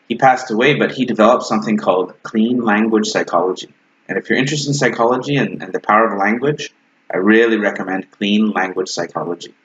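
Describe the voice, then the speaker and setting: A man's voice: fairly low pitch, a bit bright. A man teaching English conversation to camera in a casual way, acting out both sides of sample dialogues. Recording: slightly dull lo-fi sound.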